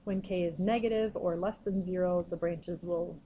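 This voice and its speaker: A woman's voice: on the low side, fairly even intonation, normal speed, warm tone, a little hiss or hum, low-quality recording. A woman teaching a recorded math lesson, explaining patiently step by step.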